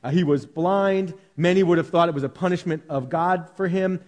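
A man pastor preaching a sermon, animated, swinging from loud cries to hushed tones. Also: sits high, moderate pace. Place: church sanctuary. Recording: long reverb of a large hall.

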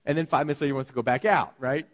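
Animated male preacher in a reverberant hall. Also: medium pitch, very fast. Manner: animated storytelling, acts out quoted voices. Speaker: pastor. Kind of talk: sermon.

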